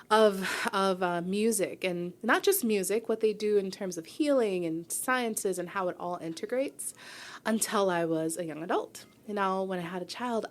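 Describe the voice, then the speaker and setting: A woman in her forties from New York, telling her personal story as a guest in a radio interview. She is earnest and reflective, and she often checks in with the listener by asking "right?". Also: on the low side. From New York, USA. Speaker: guest, publisher and founder. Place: radio studio.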